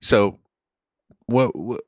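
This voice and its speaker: A man's voice: fairly low pitch, very slow, dry recording, studio quality. A man telling a story in casual chat, earnest and often restarting his sentences.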